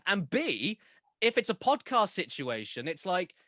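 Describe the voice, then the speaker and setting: A young man with a Southern English accent, a video game YouTuber chatting as a podcast guest, rambling and animated, swearing casually. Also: high-pitched, a little slow, no echo, clean studio sound. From England.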